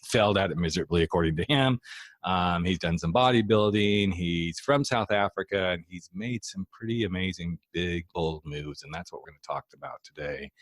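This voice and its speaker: A man's voice: low-pitched, no room sound, studio quality. A man hosting a podcast, with punchy, upbeat slogans and a friendly, chatty manner with guests. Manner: upbeat, emphatic, rhythmic slogans. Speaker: podcast host. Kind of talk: hyped intro, then casual interview.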